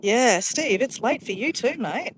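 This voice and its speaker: A woman's voice: a little high, expressive, unhurried, slight background noise. An Australian woman chatting casually to livestream viewers outdoors by a pond, easily sidetracked and calling her viewers guys. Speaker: livestream vlogger.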